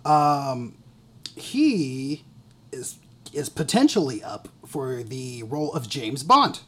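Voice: medium pitch, very animated, slow, a bit bright. A podcast co-host in casual chat, talking in a chatty way full of hedges and fillers. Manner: chatty, hedging, many fillers.

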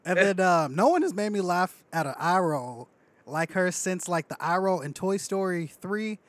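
Animated man with a lively voice. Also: high-pitched, moderate pace, no room sound. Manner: animated, acts out movie lines with laughs. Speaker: podcast co-host. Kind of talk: casual chat.

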